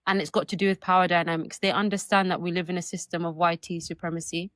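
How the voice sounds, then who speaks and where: A woman from the UK on a live online panel, speaking fluently and bluntly in a measured way. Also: on the low side, level tone, fairly bright tone, no echo. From United Kingdom. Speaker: panel guest.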